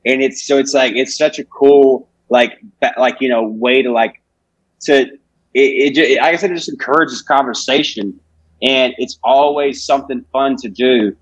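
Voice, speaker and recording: Twenties man, comedian guest, mid-pitched, profane rambler, dry booth sound. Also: fairly even intonation, moderate pace, no echo, highs cut off. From Alabama, US. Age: 20s. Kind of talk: casual podcast chat.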